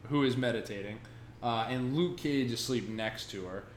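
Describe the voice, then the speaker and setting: Chatting casually with friends on a podcast, a medium-pitched man recaps a comic book in an animated way, acting out the characters in quick bursts. The recording sounds roomy, with faint noise.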